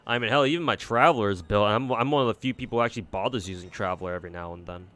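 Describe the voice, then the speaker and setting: Male streamer with a fairly low voice; loose, sweary, rambling gameplay chatter. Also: rapid-fire, fairly bright tone. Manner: rambling, profane, frequent fillers and restarts. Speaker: game streamer. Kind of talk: casual gameplay commentary.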